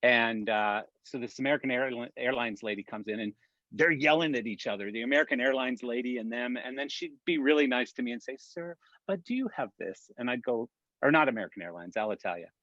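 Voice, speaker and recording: A man telling a story in an animated, rambling way with many restarts, on a video call from home. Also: medium pitch, quick pace, dry recording, highs cut off. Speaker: production industry guest. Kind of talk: casual storytelling.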